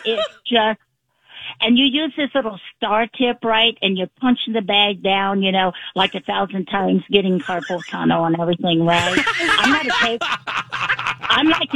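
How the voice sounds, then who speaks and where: A middle-aged woman calling in to a talk show, telling a story in a lively, laughing way with lots of "right?" and "you know" asides. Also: mid-range voice, very noisy. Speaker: caller. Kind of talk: casual call-in storytelling.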